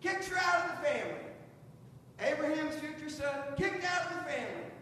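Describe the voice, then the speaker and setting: A man preaching in a high voice tells the story in a folksy way and acts out each quote. He is heard in a large hall with a long echo. A faint hiss sits underneath. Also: moderate pace, sharp tone. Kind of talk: sermon. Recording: echoey hall with long reverb and faint noise.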